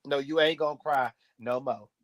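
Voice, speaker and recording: A man's voice: medium pitch, normal speed. A man giving a sassy, blunt, gossipy recap of a reality show episode. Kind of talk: casual recap commentary.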